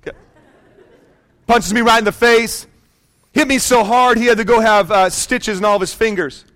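A man's voice: sits high, moderate pace, pauses often. A man in his thirties preaching a sermon, telling a personal story and calling out to the congregation. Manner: animated storytelling, calls out to congregation. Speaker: pastor.

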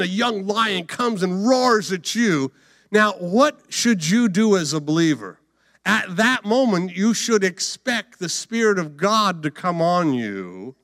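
A man's voice: high voice, very animated, slow, fairly bright tone, no room sound, studio quality. A man preaching a dramatic sermon, acting out the story as he goes and humming bits of filler. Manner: dramatic, acts out the story, hums and sings filler.

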